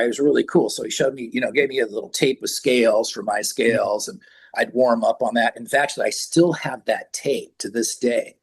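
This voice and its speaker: An older man with a husky voice, chatting casually as an interview guest, rambling through stories and acting out sounds and quotes. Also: mid-range voice. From San Francisco Bay Area. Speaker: rock singer, interview guest.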